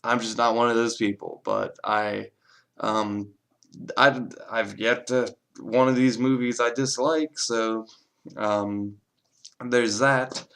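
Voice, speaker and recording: A man giving a casual, rambling spoken film review, swearing freely and filling pauses with lots of hedging words. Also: medium pitch, fairly even intonation, vocal fry, fairly bright tone.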